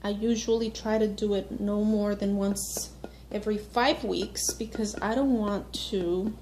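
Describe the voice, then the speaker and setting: A woman's voice: mid-range voice, fairly even intonation, measured pace, a little mellow, a little hiss or hum. Upset woman venting in an echoey room. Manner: upset, talks to viewers directly with many fillers. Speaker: vlogger. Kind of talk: casual venting to camera. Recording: echoey room with faint ambience.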